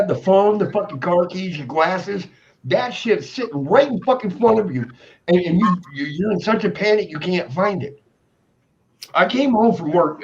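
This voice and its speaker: A middle-aged man co-hosting a livestream, swearing freely and laughing often as he tells stories in casual banter. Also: fairly high pitch. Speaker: livestream co-host. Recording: slightly muffled with faint noise.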